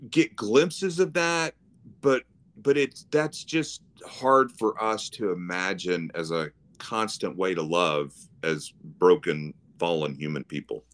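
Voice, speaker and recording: A man co-hosting a casual faith podcast, speaking in a reflective, thoughtful, somewhat halting way. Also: fairly low pitch, fairly bright tone. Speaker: podcast co-host.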